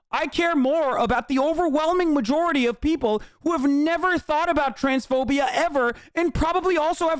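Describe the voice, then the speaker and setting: High-voiced man ranting angrily at chat. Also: no room sound, studio quality. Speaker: livestreamer. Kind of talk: heated rant to chat.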